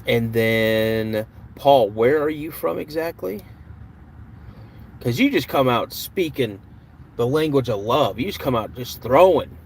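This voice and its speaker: A man's voice: mid-range voice, lively intonation, slow pace, slight background noise. A man hosting a live podcast stream, chatting casually with viewers, joking and greeting them. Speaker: podcast host.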